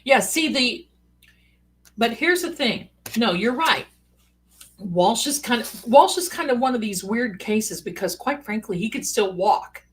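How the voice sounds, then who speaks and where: A woman's voice: on the high side, animated, measured pace, slightly rough. A woman hosting a live stream as a psychic, talking casually with folksy, sassy asides. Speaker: psychic livestream host.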